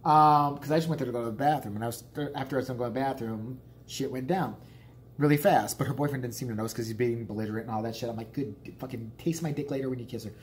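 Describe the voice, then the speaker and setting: Guy ranting a story on his vlog, lots of swearing, rambly and animated. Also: medium pitch, racing, slight background noise. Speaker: vlogger.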